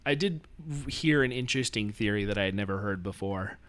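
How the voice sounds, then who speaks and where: Rambling, low-voiced man. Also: animated, brisk, fairly bright tone. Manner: rambling, laughs often, trails off. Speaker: podcast co-host. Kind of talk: casual chat.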